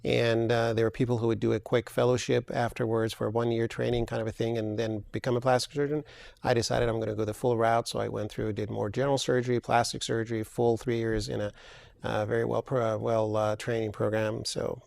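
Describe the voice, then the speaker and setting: A man being interviewed as a plastic surgeon, answering in a measured, explanatory way with frequent fillers. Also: medium pitch, level tone, vocal fry, darkish tone.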